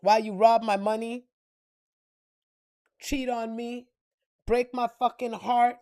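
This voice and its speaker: A woman's voice: on the high side, steady tone, takes it slowly, warm tone. A woman spiritual reader ranting to camera in a blunt, profane, heated way. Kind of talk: unscripted rant to camera.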